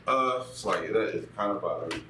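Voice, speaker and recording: A man's voice: fairly low pitch, quick pace. A man leading a call-and-response prayer, chanting each line for a partner to repeat and giving instructions to viewers. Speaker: prayer leader. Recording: roomy echo, distant mic, faint noise.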